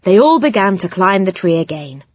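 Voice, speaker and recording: A woman reading a children's audiobook with a clear storytelling delivery. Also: mid-range voice, very animated, moderate pace, darkish tone, no room sound. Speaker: audiobook narrator. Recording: slightly muffled, dry sound.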